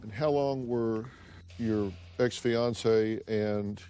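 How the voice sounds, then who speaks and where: A man's voice: on the low side, steady tone, very slow, mellow, faint music behind. A man hosting a TV talk show, questioning a guest with probing, leading questions in a studio. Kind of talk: studio interview.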